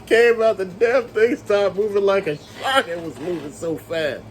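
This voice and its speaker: A man reviewing a movie in a casual rant, retelling scenes with animated storytelling and calling his viewers family. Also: high-pitched, a little slow, a little hiss or hum, poor audio.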